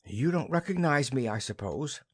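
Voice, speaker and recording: A man's voice: mid-range voice, sing-song, moderate pace, slightly rough, no room sound, clean studio sound. A man voicing a timid, dejected widow in an audiobook play reading. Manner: subdued, timid. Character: widow Mrs Lynde, dejected, timid, weary.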